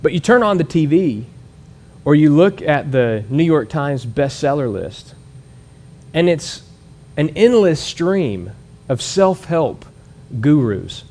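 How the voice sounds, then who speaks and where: A pastor preaching a sermon, earnest and conversational, pushing up for emphasis and dropping low and quiet on key words. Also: male voice.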